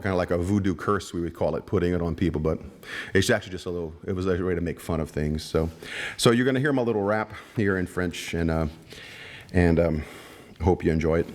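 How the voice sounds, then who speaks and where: A man with a Cajun accent, an author reading his work in a measured, rhythmic way and then chatting with a festival audience. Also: sits low. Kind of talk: poetic reading and casual stage talk. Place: festival stage. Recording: long hall reverb.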